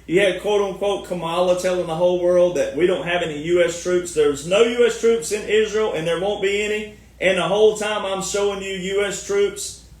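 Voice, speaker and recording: A man from the United States, a military veteran, giving a sarcastic, mocking commentary and often breaking into laughter. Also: high voice. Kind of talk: ranting online commentary. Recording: echoey room, far from mic.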